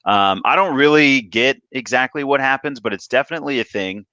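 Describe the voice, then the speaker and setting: A man's voice: mid-range voice, a little fast, sharp tone, dry recording, highs cut off. A man co-hosting a sports podcast, talking casually and rambling with frequent restarts. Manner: rambling, self-interrupting, restarts often. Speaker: podcast co-host.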